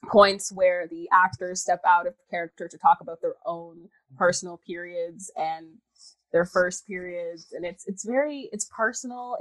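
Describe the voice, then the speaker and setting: Female actor as guest, casual chat, lower voice, dry close sound, lively with quick asides. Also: no room sound, low-quality recording. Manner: animated storyteller, laughs, puts on voices. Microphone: video call.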